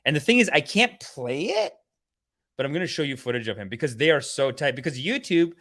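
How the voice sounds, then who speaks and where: Man, comedic rant host, sarcastic, preachy mock-guru manner, bright voice, very lively pitch. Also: fairly quick.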